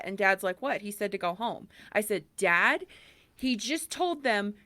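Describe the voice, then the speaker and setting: A woman's voice: mid-range voice, normal speed, dry recording. Woman cohost ranting and storytelling, does everyone's voices, dry mic. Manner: animated storytelling, acts out quoted dialogue. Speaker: podcast co-host. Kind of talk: casual chat.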